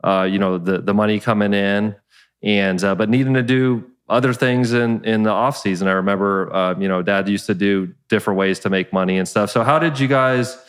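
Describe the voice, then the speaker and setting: A man's voice: fairly low pitch, fairly quick, clean tone. A man hosting a podcast, asking his mother long, searching questions with many restarts. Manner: thoughtful, rambling questions with restarts. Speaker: podcast host. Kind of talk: interview questions.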